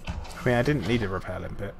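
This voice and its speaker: A man's voice: fairly low pitch, brisk, creaky, noisy background. A man streaming a game and chatting casually while playing, rambling and correcting himself, often laughing. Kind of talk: casual gameplay chat.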